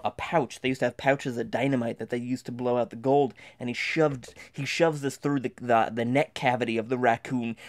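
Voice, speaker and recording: A man's voice: medium pitch, darkish tone. A man telling a comic tall tale as a dramatic monologue, stammering and restarting often. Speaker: storyteller.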